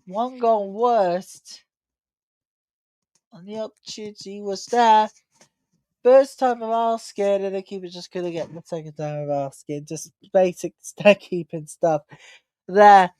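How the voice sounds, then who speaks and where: A woman hosting a live match watch-along talks in a slow, low, mellow voice. She sounds tired and yawning, rambling chattily between calls of the play, and the sound is close and dry. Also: no echo. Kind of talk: live match commentary and chat.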